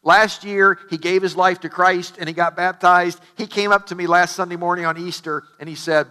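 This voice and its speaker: Bright-voiced, enthusiastic middle-aged male pastor. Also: high voice, fairly even intonation, normal speed, smooth. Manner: enthusiastic storytelling with stammered restarts. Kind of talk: sermon.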